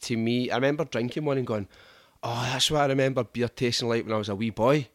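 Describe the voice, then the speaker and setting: A Scottish man hosting a podcast, telling stories in a casual, animated, sweary way with frequent laughter. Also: medium pitch, fast, no echo, clean studio sound. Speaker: podcast host. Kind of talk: casual storytelling chat.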